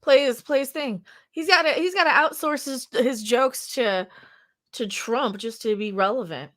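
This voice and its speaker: A woman's voice: high voice, moderate pace, fairly bright tone. A woman co-hosting a podcast, chatting bluntly and with strong opinions. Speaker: podcast co-host. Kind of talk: casual commentary chat.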